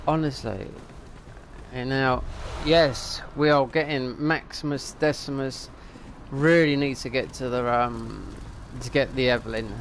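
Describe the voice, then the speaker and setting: A man's voice: mid-range voice, measured pace, slight background noise. A middle-aged man, rambling and thinking aloud as he comments on a game, now and then swearing at it. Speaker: streamer. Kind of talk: casual gameplay commentary.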